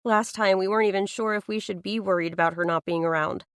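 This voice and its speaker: A woman's voice: mid-range voice, fairly even intonation, quick pace, no room sound, clean studio sound. A woman narrating a first-person audiobook thriller, reading an anxious inner monologue in an earnest way.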